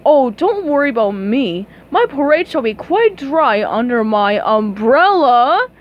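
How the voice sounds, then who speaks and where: A woman's voice: sits high, very animated, lo-fi sound. A woman voicing a tiny scheming male villain who talks in a mocking way. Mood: smug. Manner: slow and mocking.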